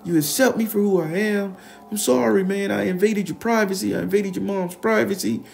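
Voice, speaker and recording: A high, tearful young man, as a storyteller puts him on, begging forgiveness over and over in a loud, strained voice. The pitch sits well above the teller's own low voice. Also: steady tone, normal speed, creaky, slight background noise. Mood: tearful pleading. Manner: pleading, sobbing apologies.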